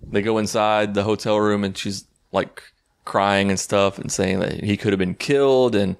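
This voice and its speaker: A man's voice: on the low side, moderate pace, creaky. A man giving a sarcastic, jokey and profane recap of a movie for his channel. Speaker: YouTube movie reviewer.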